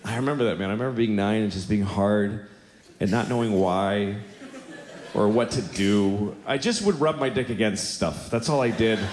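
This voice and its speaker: A man in his forties performing a stand-up comedy set on a theater stage, ranting with exasperated, strained high outbursts. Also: moderate pace, a little mellow. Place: large theater stage before a live audience. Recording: roomy theater sound with audience noise. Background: audience laughter and room ambience.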